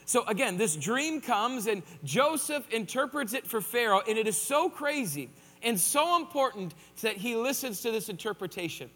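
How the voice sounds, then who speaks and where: A man's voice: extremely high pitch, very animated, normal speed, pushed and bright, long reverb tail. A man preaching a sermon in a conversational way, with joking asides. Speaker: pastor.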